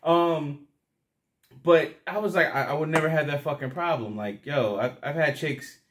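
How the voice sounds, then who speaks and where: A man's voice: on the high side, moderate pace, a bit bright. A young man rambling casually to the camera, crude and profane, often laughing at his own stories. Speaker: vlogger.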